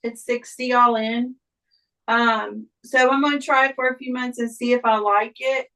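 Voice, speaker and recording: A woman's voice: on the high side, fairly even intonation, fairly bright tone, rough recording. A woman chatting as a guest on a sewing livestream, hesitant and full of ums. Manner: slow, hesitant, with many ums. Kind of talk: casual chat.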